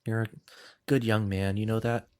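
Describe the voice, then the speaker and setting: A woman's voice: very deep voice, little pitch movement, normal speed, darkish tone, clean tone. Man putting on a frail, stammering old woman. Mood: fussing kindly. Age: 60s. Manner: hesitant, stammering, motherly. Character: frail gray-haired old woman, fussy and kindly.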